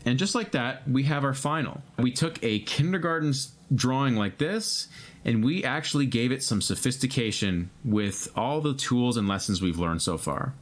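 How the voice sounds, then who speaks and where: A man's voice: mid-range voice, expressive, moderate pace. A man teaching a digital painting lesson, thinking aloud as he paints. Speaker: painting instructor.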